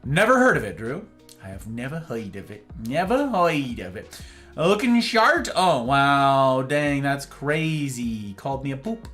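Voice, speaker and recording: A man's voice: mid-range voice, very animated, unhurried, fairly bright tone, faint music behind. A man streaming from home, chatting casually and greeting his viewers by name with playful flourishes. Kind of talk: casual livestream chat.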